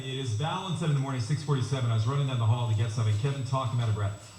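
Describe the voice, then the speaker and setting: A man's voice: mid-range voice, rapid-fire, a little mellow, reverberant, recorded from a distance, slight background noise, low-quality recording. A man hosting a morning radio show, joking around and poking fun at himself in casual banter. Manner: joking, self-deprecating. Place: radio studio.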